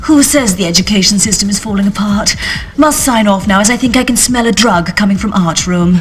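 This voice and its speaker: A woman's voice: medium pitch, fairly quick, noisy background, natural voice. A woman playing a priggish teenage head girl reading her diary aloud in clipped, self-important tones. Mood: prim. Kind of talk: comic diary monologue.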